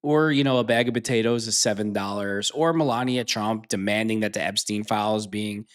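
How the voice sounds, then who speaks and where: A man's voice: fairly low pitch, brisk. Sarcastic male podcast host. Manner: sarcastic, mocking. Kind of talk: reaction commentary.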